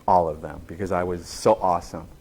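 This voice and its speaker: A man who teaches college, telling classroom stories to colleagues in an animated way, acting out quotes and often restarting his sentences. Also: deep voice, brisk, a little hiss or hum. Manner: animated storyteller, acts out quotes, many restarts. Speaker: college instructor. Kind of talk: faculty talk with anecdotes.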